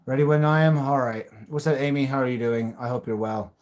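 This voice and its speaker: A man's voice: medium pitch, fairly quick, a little mellow. A man hosts a live stream in a mid-range voice. He talks bluntly, rants and raves at times, and swears freely. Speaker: livestream host. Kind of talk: live-stream reaction chat.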